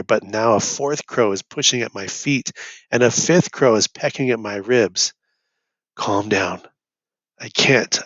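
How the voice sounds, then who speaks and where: A young man reading a novel chapter aloud in first person, his steady narration turning urgent in the tense passages. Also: fairly low pitch, dry recording. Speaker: reader. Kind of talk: audiobook reading. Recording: dull lo-fi dry recording.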